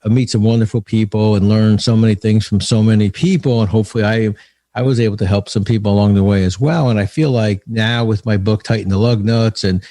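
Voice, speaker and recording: In a conversational podcast interview, an author and leadership speaker appears as a guest, talking earnestly about leadership and telling stories with frequent restarts. His voice is fairly low and dark in tone, his intonation fairly even and his pace brisk. The studio-quality audio has no echo.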